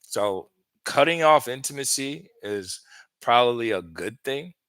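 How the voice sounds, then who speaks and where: A relationship coach answering viewer questions on a live stream, giving direct, conversational advice with lots of fillers, a little out of breath. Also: male voice, medium pitch, animated, measured pace, fairly bright tone, smooth, dry recording. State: slightly out of breath.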